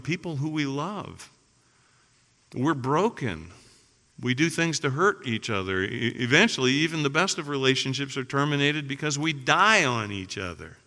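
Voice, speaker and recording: A man's voice: medium pitch, bright, forceful tone. A man preaching a sermon to his congregation, earnest and building emphasis through repetition. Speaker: pastor. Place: church sanctuary. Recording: long hall reverb.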